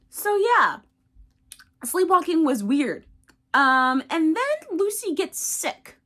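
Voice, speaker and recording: A woman's voice: extremely high pitch, big pitch swings, slow pace, bright, forceful tone. A young woman recapping a book casually, rambling with lots of fillers. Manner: rambling, filler-heavy, chatty. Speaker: book reviewer.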